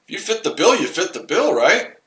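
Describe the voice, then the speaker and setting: A man's voice: sits high, sing-song, fairly quick, pushed and bright, reverberant, rough recording. A man hosting a casual live trading stream, rambling and repeating himself as he explains his trades. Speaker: trading livestream host.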